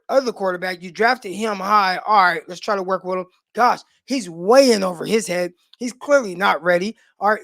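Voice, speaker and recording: A man's voice: extremely high pitch, fairly bright tone, dry recording, clean studio sound. A man co-hosting a sports podcast, talking bluntly and with strong opinions in a casual way. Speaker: podcast co-host.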